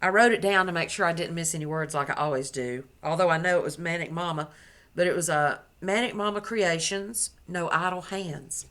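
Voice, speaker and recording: A woman's voice: on the low side, brisk, a bit bright. A woman crochet vlogger chatting casually to the camera at home, gushing as she shows off her gifts and correcting herself as she goes. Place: at home indoors.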